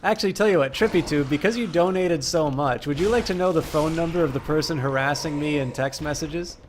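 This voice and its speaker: A man streaming a video game live, chatting with viewers and breaking into loud, frustrated outbursts. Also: on the high side, a little fast, slight background noise. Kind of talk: live gameplay commentary.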